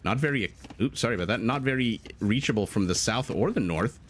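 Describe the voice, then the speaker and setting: A man's voice: fairly low pitch, lively intonation, a little fast, a little hiss or hum. A man casting a live strategy game match, chatty and prone to rambling tangents with frequent laughs. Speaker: game caster. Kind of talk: live esports commentary.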